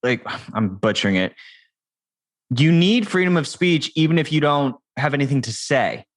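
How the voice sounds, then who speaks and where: A tech company founder, male, guests on a casual podcast interview, his fairly high voice moving at a moderate pace with lively intonation. He talks loosely and conversationally, restarting sentences and using lots of fillers.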